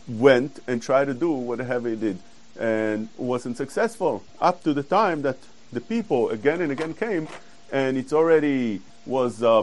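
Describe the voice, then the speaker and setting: A man giving a Torah class, explaining verses earnestly and quoting Hebrew quickly. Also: mid-range voice, low-quality recording. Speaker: Torah teacher.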